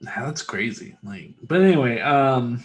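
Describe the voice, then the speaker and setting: A man's voice: medium pitch, expressive, unhurried. A man co-hosting a podcast, telling long rambling stories in casual chat and swearing freely. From Texas. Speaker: podcast co-host.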